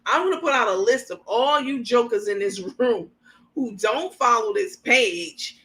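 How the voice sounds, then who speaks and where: Brief: tired, rambling woman host on a casual live stream, bright and sharp tone, laughs a lot. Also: medium pitch, low-quality recording. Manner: chatty, rambling, laughs often, talks straight to viewers. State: sleepy, running on no sleep.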